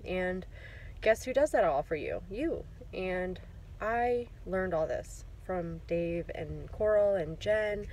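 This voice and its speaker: A woman's voice: lowish voice, expressive, slow, darkish tone, slight background noise, rough recording. A woman recording a casual video diary, gushing with gratitude, close to tears and laughing between words. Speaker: client giving a testimonial.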